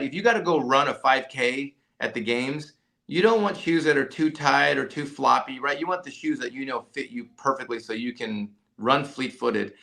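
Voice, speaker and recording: A company CEO and coach tells an animated story during a podcast interview in a medium-pitched, creaky male voice. He restarts often and keeps tagging his sentences with "right?"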